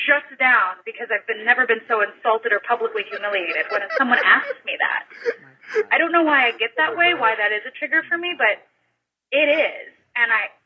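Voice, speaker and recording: A woman's voice: a little high, slightly rough. A woman from Cleveland, Ohio, calling into a show from her car, venting in an upset, flustered rant. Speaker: caller. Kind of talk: voicemail call-in. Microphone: phone. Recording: tinny phone line.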